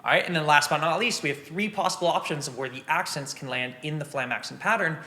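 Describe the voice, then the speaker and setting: A man's voice: on the high side, fast talker. A man giving a casual drum lesson, explaining rudiments step by step and counting beats aloud. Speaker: drum teacher. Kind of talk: casual instructional talk. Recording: loud drum and click noise behind. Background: snare drumming and metronome clicks.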